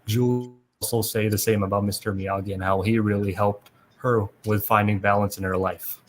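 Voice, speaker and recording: A man with a deep, monotone voice reads a plot summary for his podcast. He keeps a steady read-aloud pace and restarts a word here and there. A soft background hiss sits beneath him. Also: normal speed. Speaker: podcast host. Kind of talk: reading a plot recap aloud.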